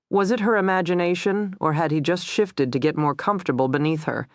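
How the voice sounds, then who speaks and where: Low-voiced woman narrating a thriller. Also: animated, fairly quick, dry recording, studio quality. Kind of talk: scripted audiobook narration.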